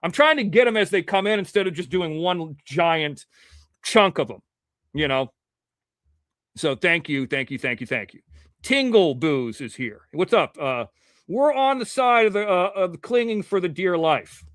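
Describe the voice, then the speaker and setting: A man's voice: high-pitched, expressive, a little slow, fairly bright tone, dry recording, studio quality. A man hosting a live show, chatting casually, rambling and joking as he greets viewers. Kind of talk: casual live-stream chat.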